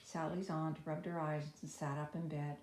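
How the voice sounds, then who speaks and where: A woman's voice: level tone, moderate pace, a little mellow, a little hiss or hum. Woman reading a storybook, roomy echo. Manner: voices each child's lines with raised pitch and energy. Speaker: storybook reader. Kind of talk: reading a children's chapter book aloud. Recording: echoey room.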